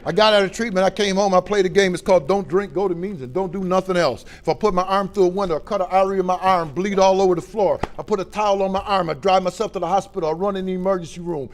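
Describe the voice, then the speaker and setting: A middle-aged man from Ohio, giving a plain-spoken personal testimony at a recovery meeting, swinging between loud and quiet. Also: high voice, steady tone, quick pace, few pauses, a little hiss or hum. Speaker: recovery speaker.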